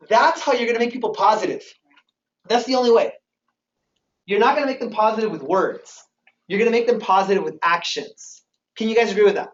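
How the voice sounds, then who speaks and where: A man giving an energetic motivational sales training talk to a live audience, often firing questions at the room. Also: sits high, fairly quick, long pauses. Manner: energetic, keeps quizzing the audience. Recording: roomy, distant, dull hall recording.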